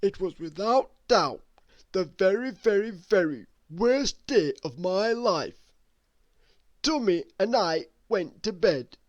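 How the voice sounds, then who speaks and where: A woman reading a bedtime story aloud in an expressive, unhurried way. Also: mid-range voice, dry recording, lo-fi sound.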